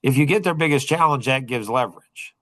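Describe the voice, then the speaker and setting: A man's voice: medium pitch, fairly quick, a bit bright, no echo, low-quality recording. A middle-aged man hosting a podcast, chatting casually to a small group and rambling with many fillers and restarts. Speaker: podcast host and coach.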